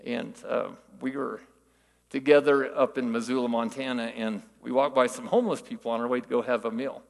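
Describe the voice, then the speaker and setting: An older man preaching in a relaxed, conversational way, weaving folksy stories with rhetorical questions. His voice has a gravelly edge, and it rings out with the long reverb of a big church hall. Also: mid-range voice, a little fast. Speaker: church teacher. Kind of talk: conversational sermon.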